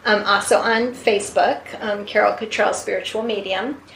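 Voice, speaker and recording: A woman's voice: mid-range voice, steady tone, normal speed, vocal fry, a bit bright, slight background noise. Chatty woman in an echoey room. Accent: Southern US. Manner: chatty, laughs easily. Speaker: spiritual medium guest. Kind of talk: casual interview chat.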